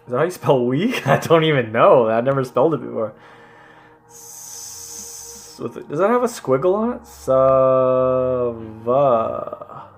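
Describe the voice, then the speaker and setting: A man giving casual, playful commentary as he works through language app lessons, laughing at himself and sounding out French words. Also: medium pitch. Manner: reads French words aloud slowly. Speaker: language learner vlogger.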